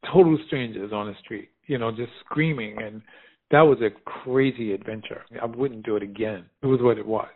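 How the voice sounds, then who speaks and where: A middle-aged man from the United States telling stories in a casual conversation, animated and quick to laugh, acting out the voices of people he quotes. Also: mid-range voice. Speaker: fashion designer guest. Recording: phone-like narrow sound.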